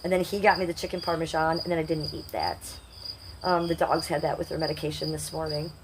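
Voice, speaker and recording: A woman's voice: deep voice, little pitch movement, fast, background noise. A woman hosting a casual livestream, rambling and confiding as she talks straight to her viewers. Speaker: livestream host.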